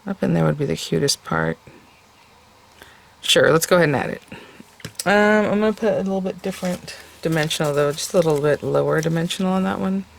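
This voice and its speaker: Chatty gravelly-voiced woman crafter. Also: sits low, fairly quick. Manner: chatty and enthusiastic, addresses viewers directly. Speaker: craft tutorial host. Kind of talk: casual step-by-step crafting tutorial.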